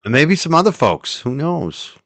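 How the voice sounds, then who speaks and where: A man hosting a livestream, reading and thanking viewers' super chats in a casual, chatty way, laughing easily and trailing off quietly. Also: fairly high pitch, very animated, moderate pace, no room sound.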